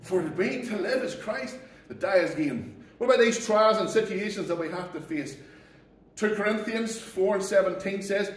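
A Northern Irish pastor preaches in a high-pitched, earnest and folksy way, talking straight to his congregation. His voice rings around an echoey church and is picked up from a distance off the mic. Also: fairly quick. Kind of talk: sermon.

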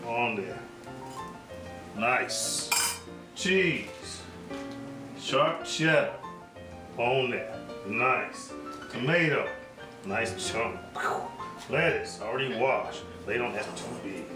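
A man's voice: mid-range voice, lively intonation, drawn-out words, pauses often, reverberant, over music, rough recording. A man hosting a casual home cooking show, joking and hyping each step straight to his viewers.

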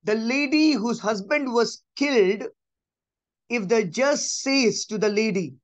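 A man's voice: takes it slowly, no room sound. Emphatic man teaching scripture. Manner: emphatic, repeats key phrases, drops to a soft low voice. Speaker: preacher. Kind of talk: conversational Bible teaching.

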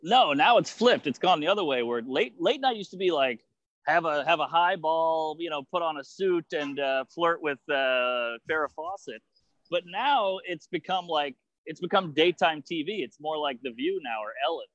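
A fairly high-pitched man talks over a video call, the sound dry and close. He riffs in a rapid, profane way, dropping into mocking quoted voices as he goes. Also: animated, fairly bright tone, no echo, highs cut off. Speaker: guest comedian. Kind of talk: casual podcast chat.

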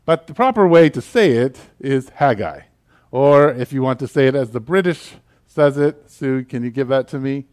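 A man with a Southern US accent, preaching a sermon in a casual, animated way with prayer. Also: medium pitch, normal speed. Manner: conversational, animated, with fillers and asides. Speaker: pastor.

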